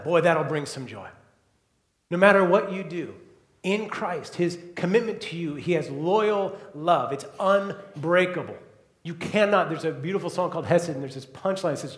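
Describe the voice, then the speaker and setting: A man preaching a sermon as pastor, moving between soft, hushed passages and loud, emphatic ones. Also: sits high, moderate pace, roomy sound.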